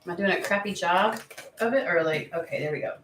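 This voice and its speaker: A woman giving a casual tarot reading to her viewers, chatty and excitable, swearing freely and talking through plenty of fillers. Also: on the low side, fast talker, echoey room, a little hiss or hum, poor audio. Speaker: tarot reader.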